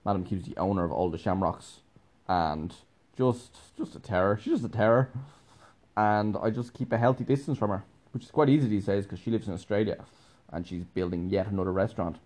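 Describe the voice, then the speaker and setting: A man's voice: lowish voice, fairly quick, a little mellow. A young man telling a casual, rambling story, laughing often and filling his talk with "like". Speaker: podcast host, musician.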